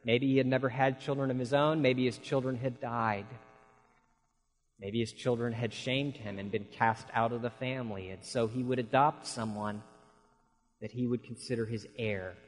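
A man's voice: medium pitch, fairly even intonation, normal speed, long reverb tail, rough recording. A man preaching a sermon, telling folksy stories in an earnest way.

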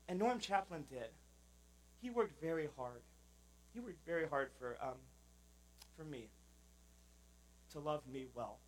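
A man's voice: a little high, expressive, measured pace, long pauses, low-quality recording. A man, a pastor, giving a sermon in a conversational, informal manner with many fillers.

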